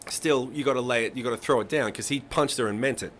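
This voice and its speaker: A man in his thirties talks casually on a live stream, his voice sitting at an ordinary middle pitch. He rambles through stories, swears freely, and laughs along. A faint hum of the room sits behind him. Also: quick pace, fairly bright tone. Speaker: live-stream songwriting host. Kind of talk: casual chat to a live audience.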